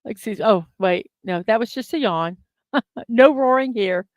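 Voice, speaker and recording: Woman livestream host, chatty and giggly with viewers, unhurried delivery, dry room. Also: on the high side, lively intonation, no room sound. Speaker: host of a daily morning livestream. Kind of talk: casual live-stream chat.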